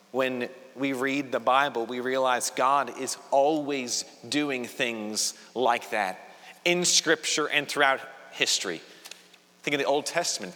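A male pastor delivers an earnest, conversational sermon, often restarting his phrases. His voice is bright and forceful. It rings with the long reverb of a church hall. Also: mid-range voice. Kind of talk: sermon with opening prayer. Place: church sanctuary.

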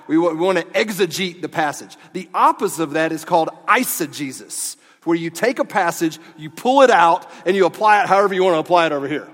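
A man preaching a sermon as pastor of a church, animated and at times dropping to quiet emphasis. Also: on the high side. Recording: long church hall reverb.

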